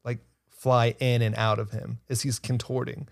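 A man with a gravelly, fry-tinged voice talks earnestly on a faith-based podcast. He is hesitant and repeats words while he gathers his thoughts. The recording is dry and close, with no room sound. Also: mid-range voice, little pitch movement, moderate pace, no room sound. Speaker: podcast co-host. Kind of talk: casual faith-based discussion.

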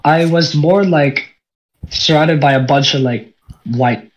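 A man's voice: fairly high pitch, slow, dull audio. A young man with a nasal voice from a cold, chatting casually as a podcast host, rambling with lots of fillers. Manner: rambling, laughs often, many fillers. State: sick, stuffy nose.

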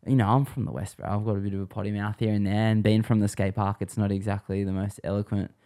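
Aussie bloke, young, low-voiced, laid-back guest spinning slangy yarns. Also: male voice, level tone, fast, warm tone. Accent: Australian. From Australia. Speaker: podcast guest. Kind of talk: casual storytelling chat.

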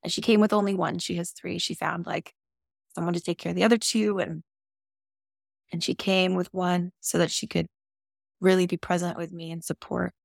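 A woman's voice: fairly low pitch, little pitch movement, normal speed, gravelly, no echo, studio quality. A woman guest on a podcast, candidly telling a personal story in an open, emotional and casual way, with some swearing.

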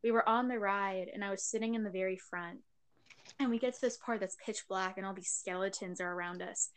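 A young woman chats casually, rambling through a story with plenty of filler words. She giggles as she goes and speaks at an ordinary middle pitch. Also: a little fast, clean tone. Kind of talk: casual chat.

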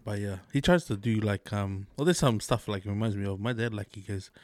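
A man co-hosting a podcast, telling stories in a relaxed casual chat and acting out other people's lines. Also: fairly low pitch, fairly quick, background noise. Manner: laid-back storytelling, mimics others in quotes. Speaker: podcast co-host.

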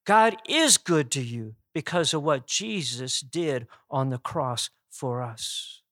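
A man's voice: mid-range voice, lively intonation, slow, a bit bright, no room sound, clean studio sound. A man preaching a sermon in an earnest, emphatic way, with some restarts.

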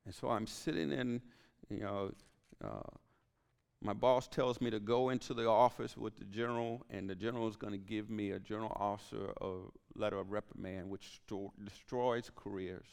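A pastor preaches to his congregation, telling a story from his own life and sinking into near-whispers at key moments. His voice is low and gravelly, and it rings out with a long reverb, as in a large hall. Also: fairly even intonation, normal speed, a little mellow. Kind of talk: sermon.

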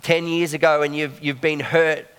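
A man's voice: on the high side, little pitch movement, moderate pace, fairly bright tone, clean tone, long reverb tail. A man preaching a sermon in a conversational way, often checking in with the congregation.

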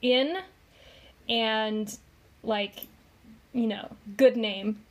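A woman's voice: a little high, fairly even intonation, very slow. A woman co-hosting a casual commentary podcast, chatty and heavy on fillers as she explains. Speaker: podcast co-host.

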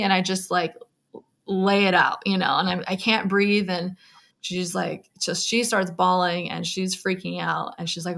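A woman with a creaky, gravelly edge recounts her experience in a candid interview. She talks loosely, with frequent fillers and restarts. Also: lowish voice, flat delivery, unhurried, fairly bright tone. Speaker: guest recounting a personal story.

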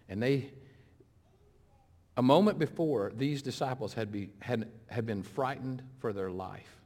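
Dramatic preacher man in a reverberant hall. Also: moderate pace. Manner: dramatic, swings between loud appeals and hushed low retelling. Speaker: interim pastor. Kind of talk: sermon. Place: church sanctuary.

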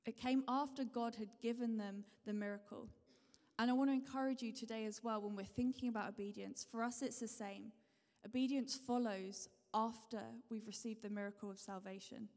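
A woman's voice: a little high, steady tone, a little fast, darkish tone. Woman preaching in a reverberant hall. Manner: repetitive, encouraging, asks the congregation questions. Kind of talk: sermon.

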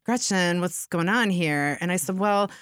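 A woman's voice: lowish voice, unhurried, smooth, dry recording, studio quality. A middle-aged woman talking as a guest in a casual chat, telling stories and acting out what other people said. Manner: animated, acts out quoted voices. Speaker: podcast guest.

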